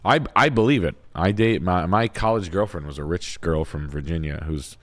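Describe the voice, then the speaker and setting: A man's voice: deep voice, moderate pace. A middle-aged man hosting a casual livestream, joking crudely and laughing a lot. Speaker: realtor and stream host.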